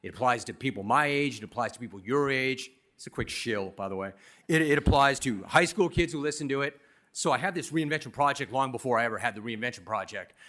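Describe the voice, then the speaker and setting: A middle-aged man from Los Angeles giving a commencement speech, telling his story in a punchy, self-deprecating, animated way. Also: medium pitch, quick pace. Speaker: commencement speaker. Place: university commencement ceremony.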